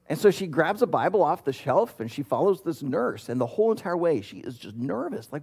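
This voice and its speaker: A man's voice: a little high, animated, brisk, darkish tone, husky. A man in his thirties, a pastor, preaching a conversational sermon and telling a story with plenty of fillers and restarts.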